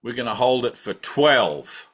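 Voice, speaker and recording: An unhurried, expressive man with a mid-range, slightly bright voice teaches spiritually through a satsang talk. He leads guided breathing, chatting conversationally and asking "right?" again and again.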